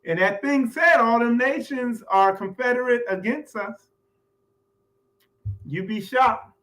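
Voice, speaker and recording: A man's voice: extremely high pitch, slow pace, fairly bright tone, low-quality recording. A man hosting his own show, talking in a loose, chatty commentary monologue with laughs and filler phrases. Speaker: host.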